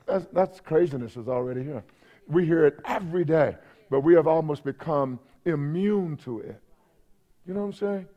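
A man's voice: fairly high pitch, normal speed, muffled recording. A man preaching a sermon in a conversational way, repeating himself and checking in with the congregation. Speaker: pastor.

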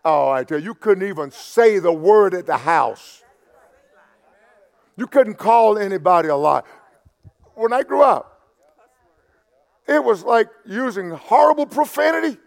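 A man's voice: high-pitched, expressive, a little slow, vocal fry, pauses often. Preaching man in a reverberant church. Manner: conversational preaching, stammers and repeats, swings from loud emphasis to quiet asides. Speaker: pastor. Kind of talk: sermon. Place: church sanctuary. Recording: long hall reverb.

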